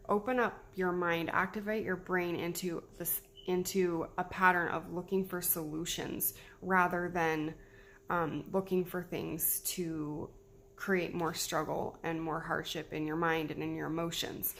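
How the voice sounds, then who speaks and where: A woman's voice: on the low side, flat delivery, unhurried, a bit bright, a little hiss or hum. A woman in her thirties, a mom giving self-care tips in a chatty, encouraging way to camera. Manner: chatty, encouraging, repeats herself. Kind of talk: casual talk to camera.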